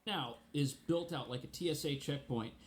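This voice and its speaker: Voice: mid-range voice, moderate pace, slight background noise. A commentator in a played video, talking sarcastically and mockingly over the footage.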